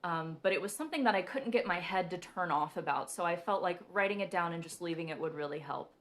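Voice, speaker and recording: A woman's voice: lowish voice, fast talker. A young woman host giving a casual live-stream talk about spiritual signs, chatty and giggly with many ums.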